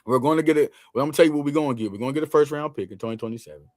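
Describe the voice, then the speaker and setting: A man hosting a casual sports talk show, talking in loose slang with lots of quick restarts. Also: a little high, darkish tone, dry recording, clean studio sound.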